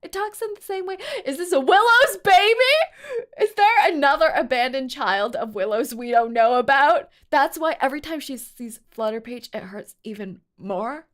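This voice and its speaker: A woman's voice: high voice, expressive, normal speed, a bit bright. A woman streaming a game, chatting in a giggly, playful, teasing way. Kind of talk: game livestream commentary.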